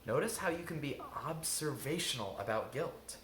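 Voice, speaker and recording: A man's voice: on the high side, lively intonation, moderate pace, few pauses, fairly bright tone, reverberant, slight background noise. A man giving an earnest self-help talk as an intuitive eating coach, repeating key lines for emphasis.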